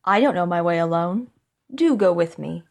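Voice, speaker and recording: A clever young scholar, calm and sure of himself, talking a little lower than the narration around him, voiced by a woman reading a storybook. He stays level even when his father scolds him. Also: moderate pace.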